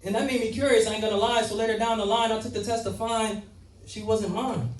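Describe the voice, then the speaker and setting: A man's voice: high-pitched, steady tone, quick pace. A young man performing rhythmic, rhyming spoken-word poetry with dramatic swings. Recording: roomy echo, mic far off, faint ambience.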